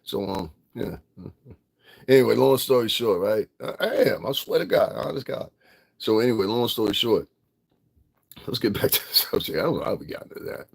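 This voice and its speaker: A man's voice: lowish voice, lively intonation, moderate pace, vocal fry, slightly rough. A middle-aged man from Connecticut, ranting bluntly and profanely in a casual livestream, laughing often. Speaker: vlogger.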